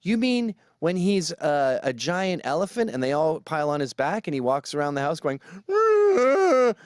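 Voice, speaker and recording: A man's voice: a little high, animated, normal speed, smooth, dry recording, studio quality. A man giving a sarcastic, ranting comedic commentary, mocking as he goes. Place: New York.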